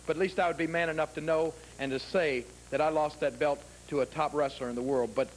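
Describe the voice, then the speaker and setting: A man's voice: a little high, slight background noise, low-quality recording. Emphatic man cutting a promo. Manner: earnest, emphatic, repeating phrases for force. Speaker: pro wrestler. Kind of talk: wrestling promo. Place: TV studio.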